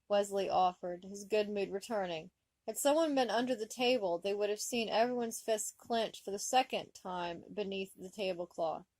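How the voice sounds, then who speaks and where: A woman reading fan fiction aloud, with expressive comic narration. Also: medium pitch, moderate pace, no echo. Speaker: story reader.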